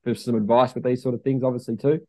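Fast-talking Australian interviewer. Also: male voice, mid-range voice, level tone, dark tone, no echo. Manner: chatty, says "mate" a lot. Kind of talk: casual podcast interview.

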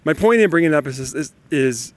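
A fairly high-pitched, fairly quick voice belongs to a father in his thirties or forties. He rattles through casual, spirited parenting stories and keeps breaking into laughter.

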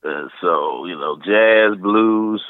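Deep-voiced man over a tinny phone line. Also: takes it slowly, no echo. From St. Louis, USA. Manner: rambling, animated anecdotes, slips into voices. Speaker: interview guest, voice actor. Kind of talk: casual storytelling interview.

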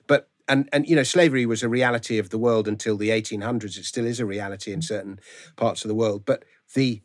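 Man, interview guest, animated talk, lots of restarts, video call audio. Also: fairly low pitch, quick pace. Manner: animated, restarts phrases often. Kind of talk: conversational interview.

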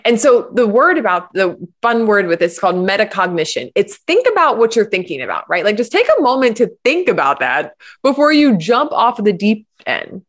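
A woman guest in a conversation, telling stories and explaining ideas with animated enthusiasm. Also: mid-range voice, normal speed, few pauses. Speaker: guest, parenting coach. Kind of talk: conversational interview.

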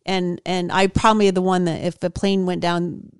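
Woman, co-host, calm reflective chat, dry close sound. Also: fairly low pitch, normal speed, clean tone, no echo. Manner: calm, musing, many fillers.

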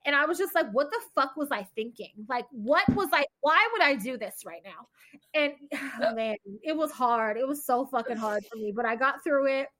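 A woman's voice: high-pitched, animated, moderate pace, fairly bright tone. A woman, podcast co-host, tells a personal story in casual chat, candid and profane.

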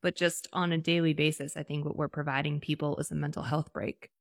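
Low-voiced candid woman podcast host. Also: level tone, fairly quick, creaky, no echo, studio quality. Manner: candid, chatty, with casual swearing. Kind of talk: casual interview conversation.

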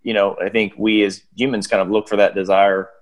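Male podcast host, lower voice, chatty and rambling. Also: flat delivery, brisk, dull audio. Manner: chatty, rambling, playful asides. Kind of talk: casual podcast chat.

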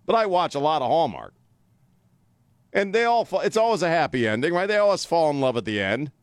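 A man's voice: on the high side, big pitch swings, fairly quick, no room sound. A man hosting a talk radio show, chatting bluntly and jokingly. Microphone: studio mic.

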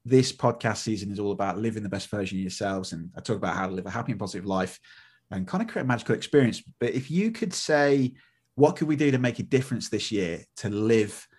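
Male podcast host and magician; quick, husky, keeps chiming in with agreement. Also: lowish voice, a little mellow. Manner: brisk, frequent agreeing interjections. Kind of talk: conversational podcast interview.

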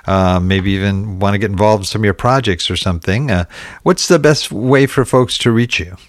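A man's voice: fairly low pitch, a little fast, no echo, clean studio sound. A man hosting a podcast interview, folksy and upbeat in his sign-offs. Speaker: podcast host.

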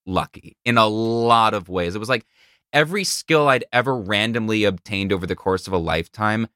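A man's voice: lowish voice, normal speed, sharp tone, smooth, no room sound, studio quality. A man hosting a podcast, chatting casually and telling stories with playful asides. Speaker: podcast host. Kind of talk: casual conversation. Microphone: studio mic in a treated home studio.

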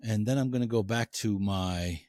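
A man telling stories on a casual podcast, rambling with lots of "you know"s. His pitch is average. The sound is dry and up close. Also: normal speed, darkish tone, no echo. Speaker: podcast co-host, cigar blender.

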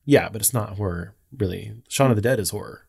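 A man's voice: fairly low pitch, a little fast, creaky, a little mellow, husky. A man co-hosting a podcast in casual chat, reading out listener messages in a rambling way, full of fillers and easy laughter. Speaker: podcast co-host.

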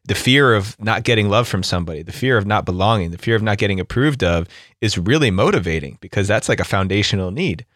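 A man's voice: lowish voice, expressive, quick pace, fairly bright tone, dry recording, clean studio sound. A man hosting a podcast, talking things through in a reflective, casual way and often checking in with "right?". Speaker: podcast host. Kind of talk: casual conversation.

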